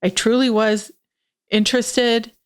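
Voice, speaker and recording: A woman's voice: on the high side, steady tone, measured pace, clean tone. Earnest woman guest telling a story. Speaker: podcast guest. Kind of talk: conversational podcast talk.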